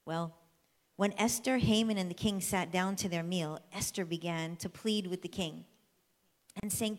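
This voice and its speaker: Woman preaching a bible story, chatty and animated, big hall with long echo. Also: fairly low pitch. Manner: lively and conversational, drawing the listeners in. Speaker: church speaker. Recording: long reverb of a large hall.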